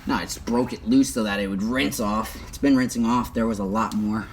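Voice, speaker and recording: A man's voice: fairly low pitch, steady tone, fairly quick. A young man talks casually as he works outdoors, hot and sweating, and now and then drops into a mutter. He speaks into a phone mic, with faint outdoor noise and ambience behind him. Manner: chatty, talks while working, often mutters. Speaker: livestreaming YouTuber. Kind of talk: casual how-to livestream. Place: outdoors, working on a truck.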